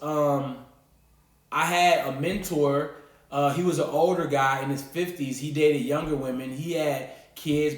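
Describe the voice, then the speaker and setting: A candid man telling his own story in an earnest, slightly raised voice. He co-hosts a relaxed podcast chat. The room behind him rings noticeably. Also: on the high side. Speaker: co-parenting podcast co-host. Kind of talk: casual podcast conversation. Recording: roomy echo.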